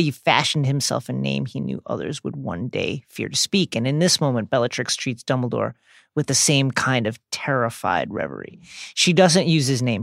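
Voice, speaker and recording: A man co-hosts a podcast and reads book passages with dramatic emphasis between his comments. His voice is gravelly and his pitch moves in lively swings. The sound is dry and close. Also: dry recording. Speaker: podcast co-host.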